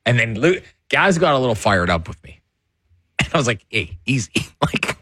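A man hosting a sports talk show, chatty and quick to laugh. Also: medium pitch, big pitch swings, bright, forceful tone, dry recording, studio quality. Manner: chatty, laughs while telling. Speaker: sports radio host.

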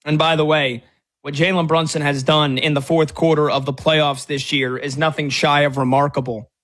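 A brash sports radio host, a man with a high voice, hammers his point home with stats and scorn. He talks straight to his listeners in a combative, mocking way. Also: a bit bright. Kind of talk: sports talk commentary.

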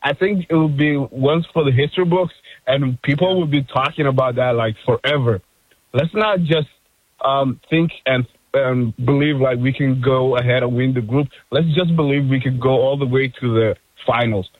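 Excited male caller on a tinny line. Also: medium pitch, normal speed, husky, no echo. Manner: excited, lots of "like". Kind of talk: phone-in chat. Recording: dry tinny phone line.

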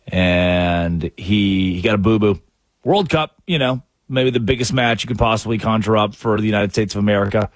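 A man hosting a sports talk radio show, delivering a sarcastic, animated monologue on a studio microphone. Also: moderate pace, dry recording. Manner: sarcastic and animated, with sudden jumps in pitch.

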